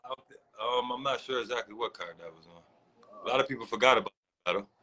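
A man's voice: medium pitch, fast, bright, forceful tone, poor audio. A man co-hosting a casual chat about rap battles, laid-back and repeating his points. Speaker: co-host reviewing battles.

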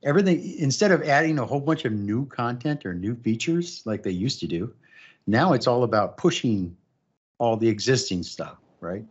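A man with a husky voice speaking as a panelist in a casual online chat, laid-back and wry. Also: medium pitch, lively intonation, moderate pace, muffled recording.

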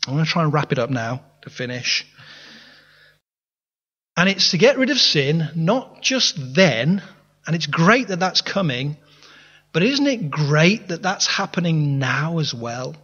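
Preaching earnestly in a church hall, this pastor has a fairly high, expressive voice with a bright, breathy edge, and he speaks a little slowly. He frequently restarts phrases and asks the congregation questions. The sound is dull and lo-fi, echoing through the reverberant hall.

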